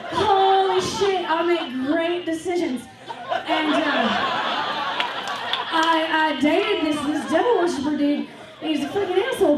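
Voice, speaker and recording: Brash high-voiced woman comic. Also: noisy background. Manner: brash, profane, animated storytelling. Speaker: stand-up comedian. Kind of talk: stand-up comedy set. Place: comedy club stage. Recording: echoey club from a distance with crowd. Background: audience laughing.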